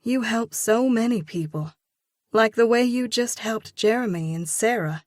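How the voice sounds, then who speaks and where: A woman voicing a kind, devout older mother who speaks in an earnest, gently encouraging way. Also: on the high side, measured pace, dry recording, clean studio sound, pitched above the performer's own voice, natural voice.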